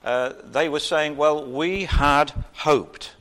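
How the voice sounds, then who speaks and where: Man giving a relaxed, chatty sermon. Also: a little high. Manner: conversational, pauses with uh, gentle humor. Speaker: preacher. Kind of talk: informal sermon.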